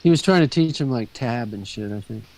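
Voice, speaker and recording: A man's voice: medium pitch, animated, a little fast, a little mellow, poor audio. A man in casual chat, telling loose stories, swearing offhandedly and trailing off.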